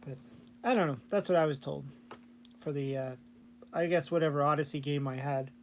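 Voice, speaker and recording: Rambling man with a slightly high voice. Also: a little fast, a little hiss or hum. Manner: rambling with many fillers and restarts. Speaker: vlogger and hobby game programmer. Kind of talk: casual chat.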